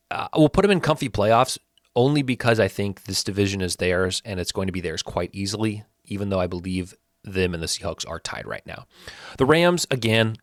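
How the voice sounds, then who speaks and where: A man in his thirties hosting a football rankings show, talking straight to his viewers in an animated, teasing and defiant way. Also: fairly low pitch, no room sound, clean studio sound. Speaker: sports channel host. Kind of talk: opinionated football rankings talk.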